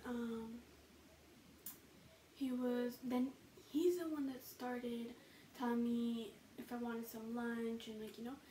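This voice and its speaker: A woman's voice: a little high, mellow, roomy sound, recorded from a distance, a little hiss or hum, poor audio. A young woman telling a casual storytime vlog, chatty and profane, filling her talk with "you know" and "like". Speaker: vlogger.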